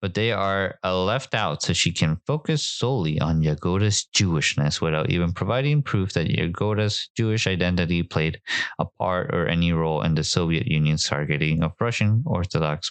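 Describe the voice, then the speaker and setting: A man's voice: low voice, clean tone, dry recording. A man hosting a podcast, giving casual commentary in reaction to clips, with sarcastic joking asides. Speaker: podcast host.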